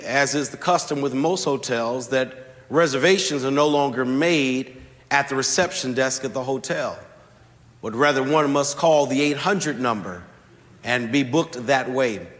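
A man preaching a sermon, telling a story with slow, deliberate emphasis. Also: medium pitch, a bit bright. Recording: long hall reverb.

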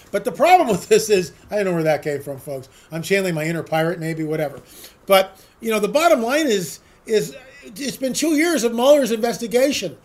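A man's voice: high voice, expressive, brisk. A man giving an opinionated solo commentary, sarcastic and ranting, firing off rhetorical questions to his listeners. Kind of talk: opinionated monologue.

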